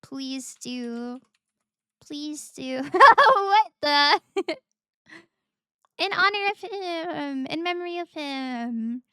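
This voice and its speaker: A woman's voice: high voice, extremely slow, long pauses, sharp tone, no echo, clean studio sound. A woman streaming a video game who chats emotionally and giggles often. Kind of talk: let's play commentary. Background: faint game music.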